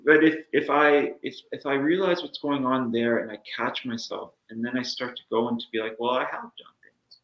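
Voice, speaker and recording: A man's voice: mid-range voice, moderate pace, hardly any pauses, a bit bright. Earnest man in an echoey room. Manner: earnest, reflective, acts out inner voices. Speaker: guest. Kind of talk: casual chat.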